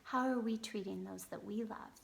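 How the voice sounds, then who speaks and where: A woman kindergarten teacher gently telling a story and talking directly to young children. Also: medium pitch, normal speed, creaky.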